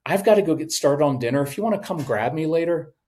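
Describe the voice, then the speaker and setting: A man in his fifties giving casual parenting advice on a podcast, animated and acting out quoted voices. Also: on the high side, quick pace. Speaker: podcast guest, parenting coach.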